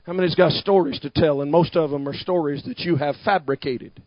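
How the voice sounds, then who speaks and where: A man preaching a sermon to a congregation, talking back and forth with them and building to shouted emphasis. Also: on the high side, brisk, no echo, muffled recording. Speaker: pastor.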